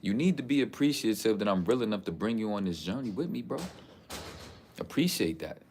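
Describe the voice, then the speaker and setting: A man's voice: fairly low pitch, lively intonation, a little fast, a little mellow, slight background noise. A man, telling stories in a casual, streetwise, preachy vlog. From the Bronx, New York. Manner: streetwise, preachy storytelling with lots of "you know what I'm saying". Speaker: vlogger. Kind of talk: casual talking-head vlog.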